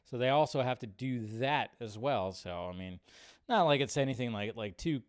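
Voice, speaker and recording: A man's voice: mid-range voice, expressive, normal speed, smooth. A man hosting a live show, chatting loosely through casual reaction commentary. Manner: chatty, rambling, loose fillers.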